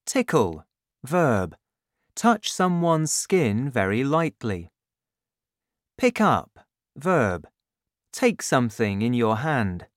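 A man reading a simple storybook aloud for learners, first going through new words, in a careful, deliberate way. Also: mid-range voice, very animated, no room sound, clean studio sound. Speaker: narrator of a graded reader. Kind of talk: slow, clear storybook narration with vocabulary list.

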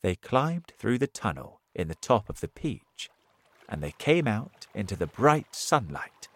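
A man reading a children's story aloud as narrator, very expressive and dramatic. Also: lowish voice, a little slow, no room sound.

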